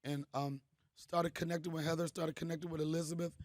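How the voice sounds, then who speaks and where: This middle-aged comedian hosting an event talks fast with a fairly high pitch and a flat delivery. His loose, slangy stories are full of jokes for the live crowd, recorded in studio quality without echo.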